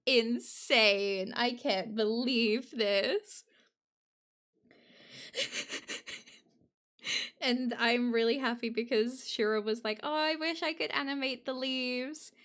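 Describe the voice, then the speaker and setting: High, bright, giggly woman streamer. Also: takes it slowly. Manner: giggly, excitable, talks straight to her chat. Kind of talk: casual live-stream chat.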